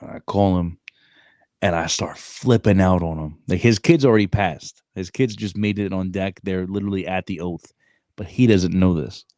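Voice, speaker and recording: A man co-hosting a podcast, a Marine recruiter telling stories in casual, animated chat full of swearing and "bro". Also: sits low, normal speed, no echo, clean studio sound. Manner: animated, profane, says "bro" a lot.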